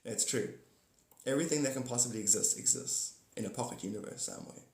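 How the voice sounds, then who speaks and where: A man's voice: mid-range voice, quick pace, darkish tone. A man hosting a livestream and chatting with viewers in a rambling, casual way, jumping between topics and laughing often. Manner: giggly, jumps between topics, talks to viewers by name. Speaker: livestream host. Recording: echoey room.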